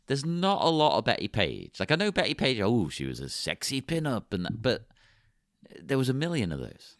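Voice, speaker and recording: A man in casual podcast talk, his pitch leaping high and low in a very lively way. The sound is close and dry, with no room around it, and his opinions come out blunt. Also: normal speed, dry recording.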